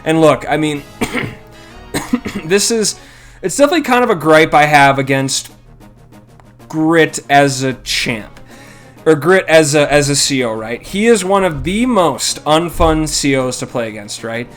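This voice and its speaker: A man's voice: fairly high pitch, expressive, unhurried, fairly bright tone, faint music behind. A man casually commentating his own strategy game, thinking aloud and criticizing his own moves. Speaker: gameplay commentator.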